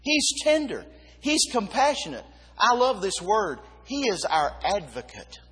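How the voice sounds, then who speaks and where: A man preaching a sermon, emphatic, dropping low and quiet then rising again. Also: huge pitch swings, a little slow, slightly rough. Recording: long reverb of a hall.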